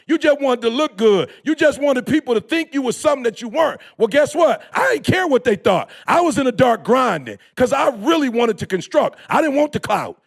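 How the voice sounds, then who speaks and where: A man giving an impassioned, preachy motivational talk in slangy speech, repeating phrases for emphasis and bursting into shouts. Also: very high voice, animated, a little fast, vocal fry, few pauses. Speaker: motivational speaker.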